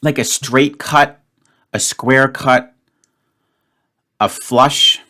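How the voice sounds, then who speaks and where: A man's voice: mid-range voice, fairly even intonation, extremely slow, pushed and bright. Male puzzle host, mid-range voice, solo thinking-aloud commentary, exasperated. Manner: thinks aloud, frustrated, muttering self-talk. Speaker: word puzzle channel host.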